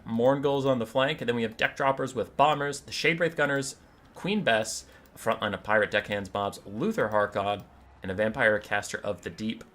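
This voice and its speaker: A man giving animated, irreverent commentary and storytelling over a strategy game, swearing casually. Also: medium pitch.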